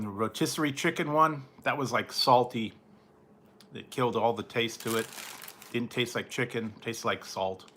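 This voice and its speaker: His voice fairly low yet bright and forceful, a man chats about food late at night with slight background noise. As a reviewer he rambles, laughs often, and lets his thoughts trail off.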